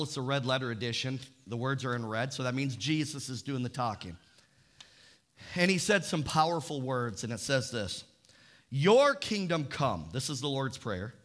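A man preaching a sermon as pastor, reading scripture slowly and calling on the congregation to repeat after him. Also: medium pitch, fairly bright tone.

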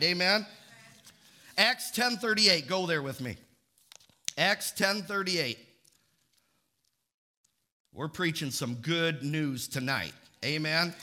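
A man preaching a sermon in a church, emphatic and pressing the congregation for responses. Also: fairly high pitch. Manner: emphatic, call-and-response preaching with rising shouts.

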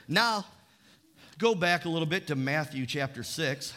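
A man preaching a sermon as pastor, reading scripture slowly and calling on the congregation to repeat after him. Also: fairly high pitch, lively intonation, bright, forceful tone.

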